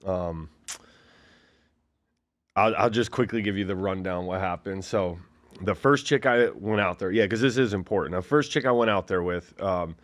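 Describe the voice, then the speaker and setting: Low-voiced man telling a wild story. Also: moderate pace, fairly bright tone. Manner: rambling, filler-heavy, acts out quoted voices. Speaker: guest, former fighter. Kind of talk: casual storytelling interview.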